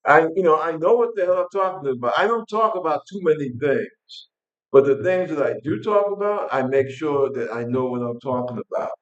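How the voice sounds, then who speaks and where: An older man from New York vents straight to camera in a blunt, angry, casual rant. He restarts and repeats himself as he talks. His voice sits a little high, and the sound is dull and lo-fi. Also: animated, brisk, echoey room. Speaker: vlog host.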